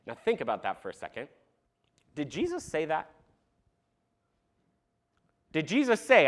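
A young man preaching a sermon to a congregation in a church, animated and conversational with asides to the crowd. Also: fairly high pitch, unhurried, long pauses. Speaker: pastor. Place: church sanctuary.

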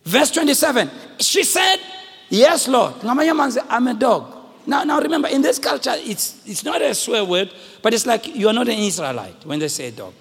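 Husky high-voiced South African preacher. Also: male voice, brisk. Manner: animated, shouts at peaks, joking with the congregation. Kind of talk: sermon. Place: church hall with congregation. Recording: long echoing hall reverb.

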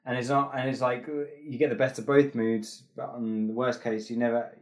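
A man's voice: mid-range voice, level tone, brisk. A young man from England, a comedian guest, chatting casually in an interview and rambling with many restarts and fillers.

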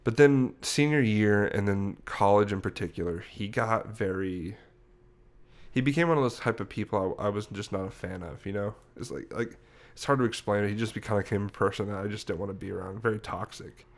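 A young man co-hosting a podcast tells a story in a rambling way, correcting himself as he goes, during a casual chat. His voice is lowish and fairly quick.

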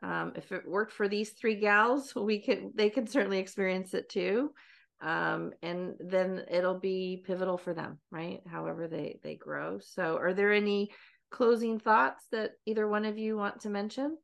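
A woman's voice: mid-range voice, steady tone, unhurried, creaky. A woman hosting a podcast interview, speaking in a thoughtful, affirming way and often checking in with "right?". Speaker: podcast host. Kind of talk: reflective interview conversation.

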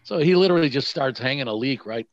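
A man's voice: medium pitch, fast talker, dry recording, lo-fi sound. A middle-aged man, telling a story casually and acting out the voices of his friends. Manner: animated, acts out quotes with swearing. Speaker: guest storyteller.

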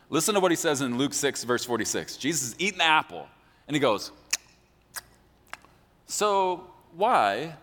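A man preaching a sermon as pastor, animated and joking, acting out quotes in a large church. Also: mid-range voice. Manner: animated, jokey, acts out quotes. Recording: long hall reverb.

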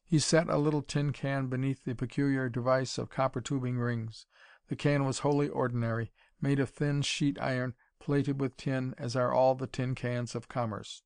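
A man narrating an audiobook in a steady, measured way. His voice sits in a middle pitch. The recording is dry and close with no room sound. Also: smooth, no echo. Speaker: audiobook reader. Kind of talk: scripted narration.

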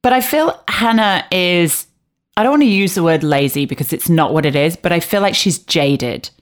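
A woman's voice: on the low side, expressive, moderate pace. A woman co-hosting a podcast, chatting casually and bluntly, swearing freely as she gossips about a show. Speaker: podcast co-host recapping a reality show. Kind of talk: casual chat.

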